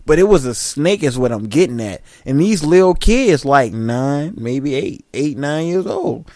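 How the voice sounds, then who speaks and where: A young man telling slangy, animated stories in a casual chat and laughing often. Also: a little high, measured pace, dry recording, clean studio sound. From Southern United States.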